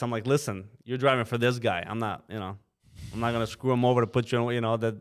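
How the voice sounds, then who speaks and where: A man of middle pitch telling stories on a podcast in an easy, casual way. He acts out the people he quotes and fills his speech with "you know" and "like". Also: fairly even intonation, fairly quick. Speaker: trucking company co-owner, podcast guest. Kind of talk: casual storytelling. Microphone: podcast microphone.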